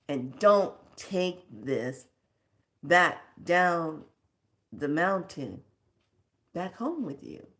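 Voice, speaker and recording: A woman with a low voice tells a personal story at an unhurried pace. She lingers over her words and slips into the voices of the people in her memory. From California. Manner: slow, reflective, acts out quoted dialogue. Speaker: storyteller sharing a personal lesson.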